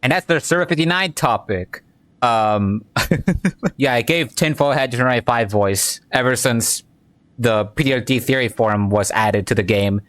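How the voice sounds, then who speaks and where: A man's voice: mid-range voice, normal speed, a bit bright, no echo. A man giving casual gameplay commentary in a laid-back, rambling way full of fillers. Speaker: game commentator.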